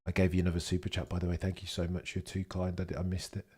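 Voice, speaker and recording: A young man talks casually on a live stream. His voice sits a little low, and he chats freely as he reads out and answers viewers' messages. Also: completely flat delivery, fast, a little mellow, breathy edge. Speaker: livestream host. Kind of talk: casual live watchalong commentary.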